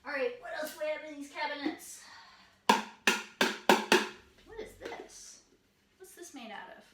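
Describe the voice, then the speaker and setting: A woman's voice: high voice, animated, fast. A woman teaching a children's music lesson from her home kitchen, talking in friendly questions to young listeners. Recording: echoey kitchen, distant mic, loud clatter.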